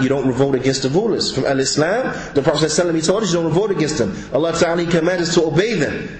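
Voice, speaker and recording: A man gives a religious class lecture, pressing his listeners with emphatic rhetorical questions. His voice sits fairly high for a man. The sound is roomy and echoey. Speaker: Islamic teacher. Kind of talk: religious class lecture explaining an Arabic text.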